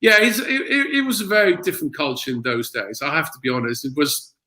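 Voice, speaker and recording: Quick-paced and fairly high in pitch, a man who once played football tells animated stories in a casual interview. English is his second language, he laughs often and uses many fillers, and the audio quality is poor.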